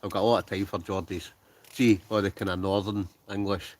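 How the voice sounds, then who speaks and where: With a low, level, slightly mellow voice and a Scottish accent, a man from Scotland chats a little fast on a casual livestream. He's wild camping in a tent with a stove outdoors at night, reading chat, joking and trailing off into mumbles.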